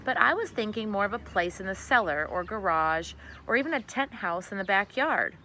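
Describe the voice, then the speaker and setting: A woman reading aloud a storybook, voicing a kindly, wise older woman who explains things gently and reassuringly. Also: medium pitch, expressive, moderate pace, slight background noise.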